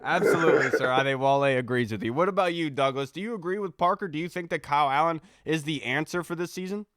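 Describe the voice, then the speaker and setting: A man's voice: on the high side, fast talker, a bit bright, no echo. Upbeat man hosting, dry close sound. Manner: upbeat, agreeable, steers the talk. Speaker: podcast host. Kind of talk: casual sports podcast chat.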